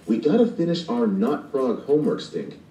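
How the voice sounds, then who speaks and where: A man's voice: mid-range voice, sing-song, normal speed, warm tone, reverberant, recorded from a distance, pitched above the performer's own voice, natural voice, poor audio. A man voicing a spirited, bossy young girl who is a big sister, in a storybook reading. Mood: playful.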